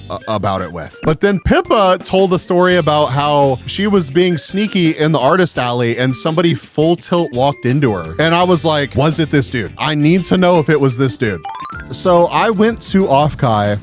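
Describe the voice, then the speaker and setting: A man recounting a story in a casual vlog, swearing freely as he goes. His voice sits a little high for a man, and it leaps up when he gets exasperated. Faint music plays under him. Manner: profane and animated, pitch jumping up when exasperated. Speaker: vlogger.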